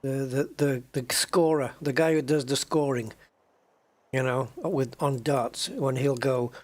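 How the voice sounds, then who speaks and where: Slow-talking man streaming a game. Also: medium pitch. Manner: thinks aloud, hums to himself while waiting; chatty, addresses viewers as guys. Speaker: streamer playing a space game. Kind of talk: casual live-stream chat. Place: home desk with joystick.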